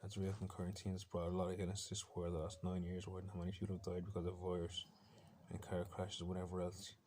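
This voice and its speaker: A man's voice: sits low, monotone, fast talker, a little mellow, a little hiss or hum. A man with an Irish accent delivering an intense, defiant, rambling personal monologue, with faint bird sounds from a laptop behind him.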